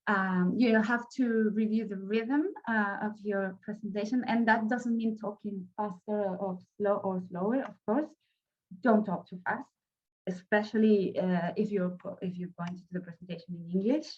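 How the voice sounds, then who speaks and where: Spanish woman trainer, mid pitch, hesitant delivery, muffled audio. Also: fairly even intonation. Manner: halting, many fillers and restarts. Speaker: workshop trainer. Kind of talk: online training workshop.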